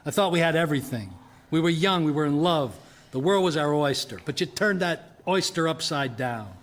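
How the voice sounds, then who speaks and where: A man's voice: on the high side, lively intonation, normal speed, lightly acted. An actor playing a father and shop owner who talks in a dry, mock-tough, old-movie way. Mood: wry. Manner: mock film-noir tough talk, dry. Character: grown man, hardboiled shop owner and father. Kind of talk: radio sitcom acting.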